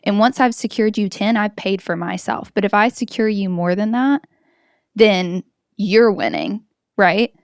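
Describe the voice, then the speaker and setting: A woman's voice: mid-range voice, animated, a little slow, clean tone, no room sound, clean studio sound. A woman co-hosting a podcast, chatting casually and telling stories with quoted voices. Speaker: podcast co-host. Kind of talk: casual chat.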